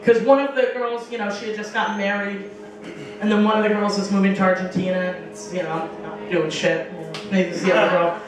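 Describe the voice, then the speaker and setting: Heard through a noisy background, a young woman with a medium-pitched, fairly even and quick voice does stand-up in a small bar, telling profane stories with acted-out quotes to a live audience. The echoey room is picked up by a mic from far away.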